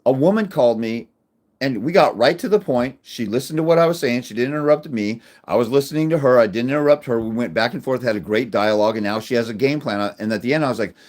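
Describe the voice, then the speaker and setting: A middle-aged man giving a blunt, crude advocacy rant to camera, combative, with many restarts and loud jumps when he makes a point. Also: medium pitch, fast. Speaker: fathers' rights advocate.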